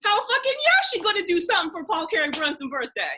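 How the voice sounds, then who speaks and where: A woman from Philadelphia hosting a casual video-call conversation, talking in an excitable rush full of restarts and asides. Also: extremely high pitch, fast talker, background noise. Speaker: host.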